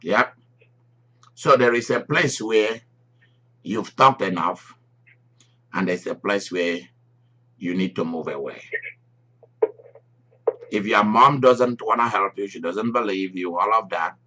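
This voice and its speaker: A man preaching a sermon, emphatic and repeating key phrases, swinging between loud and soft. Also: fairly low pitch, slow, pauses often. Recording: dull lo-fi recording.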